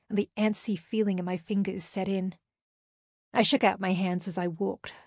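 Woman, first-person audiobook reader, steady intimate telling, dead dry sound. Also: mid-range voice, dry recording. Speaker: audiobook narrator.

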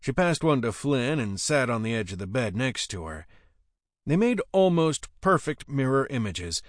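A man's voice: mid-range voice, fairly bright tone, dry recording, studio quality. A man narrating first-person fiction with a wry, gritty delivery. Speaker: audiobook narrator.

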